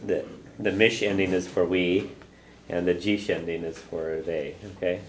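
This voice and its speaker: A man with a low, steady, unhurried voice teaches a language lesson, with a slight hiss or hum audible. He explains things patiently, models phrases for the students to repeat, and keeps checking in with "okay?". The room is echoey, with the class chattering in the background.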